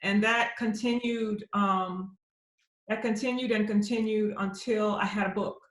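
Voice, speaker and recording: A woman's voice: medium pitch, fairly even intonation, a little slow. A middle-aged woman poet answering audience questions at a virtual book launch, telling stories and acting out the voices of people she quotes. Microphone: computer mic on a video call. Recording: roomy echo on a video call.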